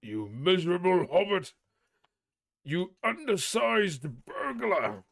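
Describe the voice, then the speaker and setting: Brief: a proud, raging dwarf king, as a man reading aloud puts him on, slow and weighty. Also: mid-range voice, expressive, fairly bright tone, no room sound. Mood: wrathful.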